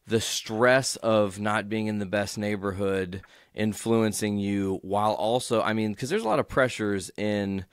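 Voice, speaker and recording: Podcast host, man, lowish voice, dry close sound, eager follow-up questions. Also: fairly even intonation, measured pace, hardly any pauses, clean tone, no room sound. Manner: brief encouraging interjections, eager follow-up questions. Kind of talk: casual interview.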